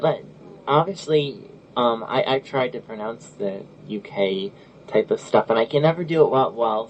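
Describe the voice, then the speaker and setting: A man's voice: mid-range voice, a little mellow. Chatty American-hosted podcast man, lo-fi. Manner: chatty, laughs often, restarts. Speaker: podcast host. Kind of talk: casual chat. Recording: lo-fi audio with faint noise.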